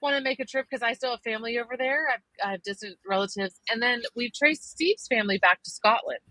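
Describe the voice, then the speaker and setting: Bright-voiced chatty woman, dry sound. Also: fairly high pitch, fast talker, no echo, poor audio. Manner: chatty storyteller, laughs often. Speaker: podcast co-host. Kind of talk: casual chat.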